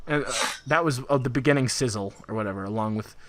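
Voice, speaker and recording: A man co-hosts a laid-back video game podcast, rambling fast with plenty of laughter and filler words. His pitch is medium and the recording is dry.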